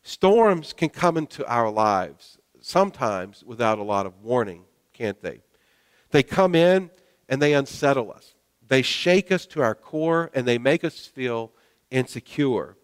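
A male pastor telling a personal story in a sermon, folksy and self-deprecating, with many hesitant pauses, speaking in a church sanctuary. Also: medium pitch, expressive, smooth. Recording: long hall reverb.

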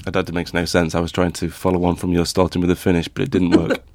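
A man co-hosting a podcast in a playful mood, tripping over restarts as he banters. His voice sits on the lower side, and the recording is dry and close. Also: completely flat delivery, quick pace, a little mellow, no room sound. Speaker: podcast co-host. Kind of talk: casual chat.

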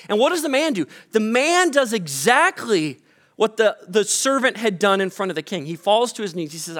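A man's voice: high voice, very animated, normal speed, a bit bright. A man, the pastor, preaching a sermon in a casual, conversational way with frequent fillers, recorded in a church.

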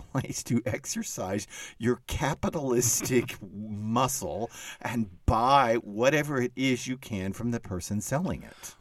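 Low-voiced chatty man co-hosting a podcast. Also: no room sound. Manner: chatty, laughs often, wry asides. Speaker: podcast co-host. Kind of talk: casual chat.

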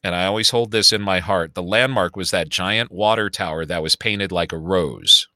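A man's voice: low-pitched, moderate pace, pushed and bright, dry recording, studio quality. A man in his fifties with a Chicago accent, telling a long story in casual podcast chat and swearing freely. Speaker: podcast co-host.

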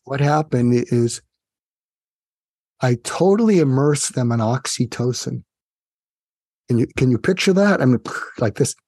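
A man, a psychiatrist guest, telling a story in a lively, engaging way and speaking directly to the host. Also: medium pitch, measured pace, pauses often, husky, no room sound, studio quality. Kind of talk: conversational storytelling.

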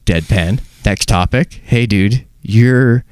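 Crude, sardonic comedian on a dry mic. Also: male voice, fairly low pitch, slow, a little mellow, clean tone, no echo. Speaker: podcast co-host. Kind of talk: casual comedy podcast banter.

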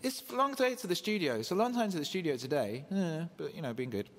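A man voicing his excited six-year-old boy, squealing with delight. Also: fairly high pitch, quick pace, long reverb tail, pitched above the performer's own voice. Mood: puzzled.

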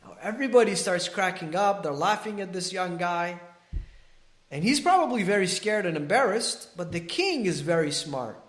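Animated male storyteller, roomy sound. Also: high-pitched, normal speed. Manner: animated, acts out dialogue. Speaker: religious scholar guest. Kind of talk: podcast storytelling.

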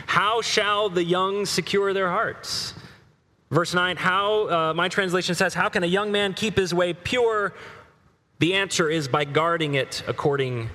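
A middle-aged male preacher giving a sermon, earnestly reading scripture aloud with slow emphasis. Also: on the high side, pushed and bright, long reverb tail.

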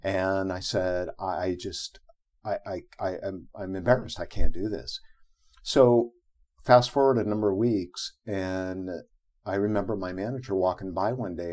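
A man's voice: low voice, measured pace. A middle-aged man, an interview guest, telling a personal story in conversation and acting out the quotes in it. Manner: animated, acts out quotes from his own story.

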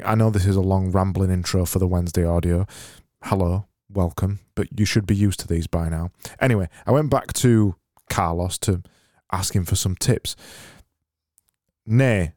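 A British man with a low, slightly mellow voice hosts a podcast, rambling through a casual comic monologue. He stumbles along with dry, self-mocking humor, and the recording is dry.

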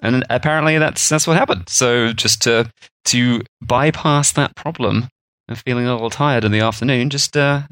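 A man's voice: mid-range voice, normal speed, a bit bright, smooth, dry recording, studio quality. Chatty man explaining food history. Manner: rambling, chatty storytelling with fillers. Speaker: podcast co-host. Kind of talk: casual explanatory chat.

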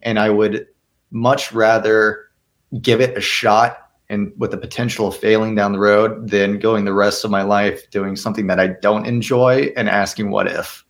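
A man's voice: lowish voice, level tone, moderate pace. A man in his twenties, an actor guest talking in an earnest, rambling way with many restarts. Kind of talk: casual interview.

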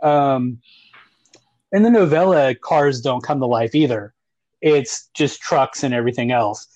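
A man's voice: mid-range voice, a little slow, a little mellow, no room sound, lo-fi sound. A man hosting a casual movie podcast, laughing often and acting out lines from the film. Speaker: podcast host.

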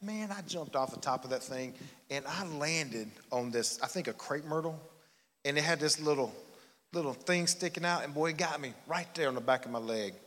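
A man's voice: on the high side, moderate pace, fairly bright tone. A man, preaching a sermon in a folksy, self-deprecating storytelling way. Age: 40s. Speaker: pastor. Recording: long hall reverb in church.

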